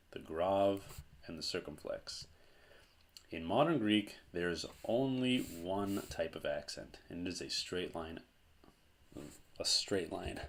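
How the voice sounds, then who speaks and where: A man's voice: low-pitched, slight background noise. A man teaching a language lesson in a patient, explanatory way, repeating key points for emphasis.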